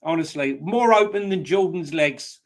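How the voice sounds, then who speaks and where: Male co-host, wisecracking pundit, slightly high voice, loose delivery. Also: normal speed, slight background noise. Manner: jokey, rambling, with wisecracks. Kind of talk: casual football talk.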